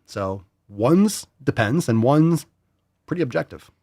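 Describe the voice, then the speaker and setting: Man, podcast host, blunt and profane, very lively pitch, dry studio sound. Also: slow, no echo. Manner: blunt, profane, mocking voices for emphasis. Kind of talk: casual opinionated chat.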